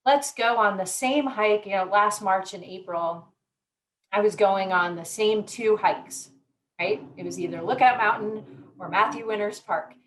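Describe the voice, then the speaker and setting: Measured woman psychologist explaining. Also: medium pitch, a bit bright, poor audio. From Colorado. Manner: explanatory, measured, gives everyday examples. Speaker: psychologist guest. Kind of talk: conversational interview.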